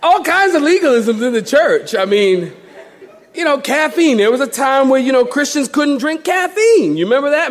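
A man's voice: very high-pitched, very animated, normal speed. A man preaching a sermon as pastor, joking and acting out the people he quotes. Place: church.

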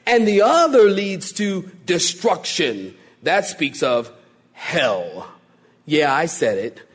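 Lively, high-voiced male pastor preaching. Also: takes it slowly. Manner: animated preaching with joking asides and voiced quotes. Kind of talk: sermon.

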